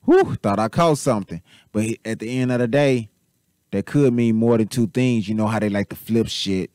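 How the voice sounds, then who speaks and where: A man's voice: lowish voice, normal speed, darkish tone, no room sound, studio quality. A man hosting a commentary show, casually thinking aloud about clips he replays.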